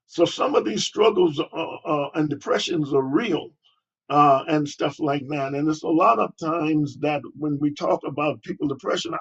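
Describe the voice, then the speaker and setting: Halting, husky older man pastor. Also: on the high side, muffled recording. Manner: halting, many pauses and fillers. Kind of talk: interview answer.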